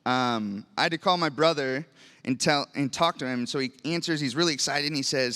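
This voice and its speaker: A man's voice: fairly high pitch, fairly quick, sharp tone, smooth, long reverb tail. A young male pastor preaching a sermon, telling a personal story in an earnest way that sometimes turns emotional. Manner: earnest, grows emotional, acts out prayers. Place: large church hall.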